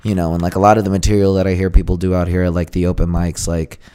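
Low-voiced comic in casual podcast chat. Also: male voice, flat delivery, fast talker, warm tone, smooth. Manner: loose, lots of "like" fillers, questioning. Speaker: podcast co-host, comedian.

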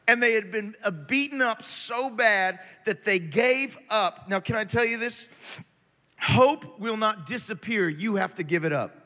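Animated preacher in a long-echo hall. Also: male voice, sits high, unhurried. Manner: animated, swings from quiet reading to loud exhortation. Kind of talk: sermon.

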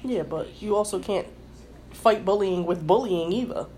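A woman's voice: mid-range voice, normal speed, warm tone, a little hiss or hum. Woman podcast host, casual chat, asks stuff and argues back. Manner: conversational, asks questions and argues her points.

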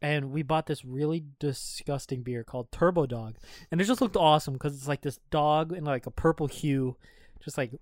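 A man's voice: fairly high pitch, normal speed, dry recording. Young man telling profane stories, dry sound. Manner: profane, storytelling, laughs often. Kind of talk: casual chat.

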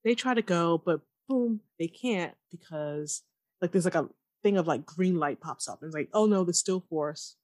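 A woman's voice: fairly low pitch, no room sound, clean studio sound. A woman co-hosting a casual podcast, recapping a TV episode and acting out the characters' lines. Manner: animated, acts out characters' lines in quick impressions. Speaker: podcast co-host.

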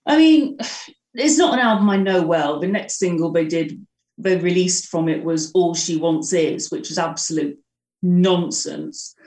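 A woman guest on a radio music show, talking quickly and eagerly about her favourite songs. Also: on the low side, a little mellow, far from the mic. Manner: quick, enthusiastic music talk. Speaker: guest presenter. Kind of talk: casual chat. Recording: roomy sound from off-mic.

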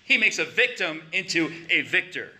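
A man's voice: high-pitched, sing-song, normal speed, pushed and bright. A man preaching a conversational sermon, building to emphatic questions.

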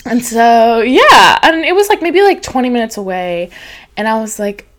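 Chatty young woman from Texas, lively. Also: fairly high pitch, normal speed. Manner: rambling storyteller, laughs often. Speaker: podcast host. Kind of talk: casual chat.

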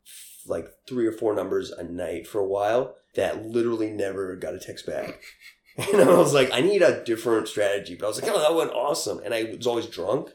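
A man's voice: fairly low pitch, animated, brisk, darkish tone. Rambling young man in an echoey room. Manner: rambling, laughs often, many fillers. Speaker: interviewee. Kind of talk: casual storytelling.

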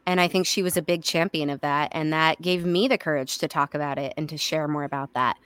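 A woman's voice: low voice, a little fast, no room sound. A woman voice actor and podcast guest, telling stories animatedly and acting out the lines she quotes. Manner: animated storyteller who acts out quoted lines. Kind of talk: casual podcast chat.

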